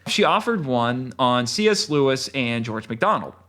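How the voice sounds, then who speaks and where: A man's voice: mid-range voice, big pitch swings, normal speed, fairly bright tone. A man, an author, reading his own novel aloud expressively and then chatting casually as a podcast guest.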